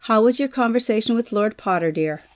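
A man reading aloud and voicing a gracious noblewoman who speaks softly with a wry, gentle manner. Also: high-pitched, lively intonation, brisk, voice pushed up.

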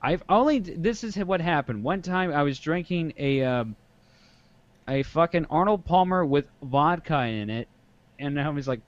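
Swearing young comedian, dull lo-fi sound. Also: male voice, a little high, normal speed. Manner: profane, animated storyteller. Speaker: podcast co-host. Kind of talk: casual chat.

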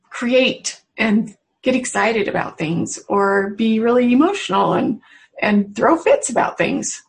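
A woman, a mother, speaking to a webinar audience in a personal spiritual talk, earnest and confiding, with unhurried pauses. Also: a little high, a little mellow, poor audio. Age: adult mother. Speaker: webinar presenter.

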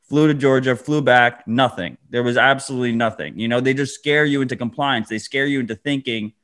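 A man's voice: mid-range voice, fairly even intonation, a little fast, fairly bright tone. A man co-hosting a podcast, chatting casually and ranting in a laid-back way. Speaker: podcast co-host. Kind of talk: casual chat.

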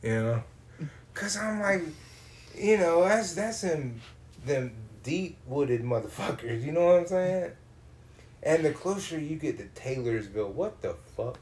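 A man spins a profane, comic story. He is animated and acts out the people he runs into. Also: on the high side, measured pace. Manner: animated, swears a lot, acts out voices.

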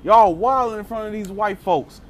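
A man voicing a bored little kid who whines flatly that he wants to go home. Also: high voice, normal speed, a little hiss or hum, pitched above the performer's own voice, lightly acted. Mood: fed up.

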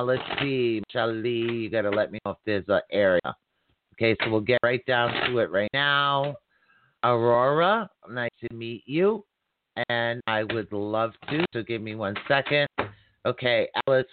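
A man hosting a live call-in psychic reading show, chatty and quick to laugh. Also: medium pitch, background noise. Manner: chatty, warm-toned addresses, laughs often. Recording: dry tinny phone-line sound.

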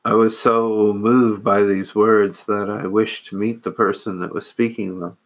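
A man, a monk, telling a personal story in a measured, earnest way with hesitant pauses. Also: fairly low pitch, little pitch movement.

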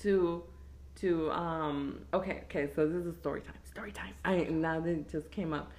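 A woman telling a story in a casual podcast chat, animated and squealing when she quotes herself. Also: low-pitched, moderate pace.

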